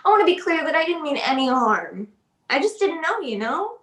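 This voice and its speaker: Brash young influencer, high, slangy, put-on accent, roomy echo; a woman plays her. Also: very animated, brisk, a bit bright, distant mic. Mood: apologetic. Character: brash 22-year-old female social media influencer. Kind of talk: student theatre acting, live-stream monologue.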